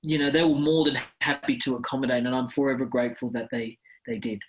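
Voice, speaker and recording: Man, Australian accent, podcast guest, earnest, rambling, mid pitch. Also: little pitch movement, fast, a little hiss or hum. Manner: earnest, rambling with many restarts. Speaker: television reporter and guest. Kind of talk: casual interview chat.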